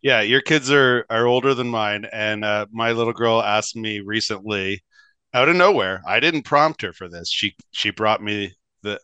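A man's voice: on the low side, pushed and bright, clean tone, no echo. A man, co-hosting a casual hockey podcast in a rambling, chatty way, often laughing. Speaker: podcast co-host.

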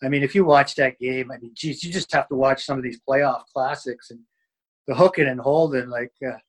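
A man's voice: medium pitch, fairly quick, low-quality recording. Rambling former hockey player, male. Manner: rambling, many fillers and restarts. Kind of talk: casual interview storytelling.

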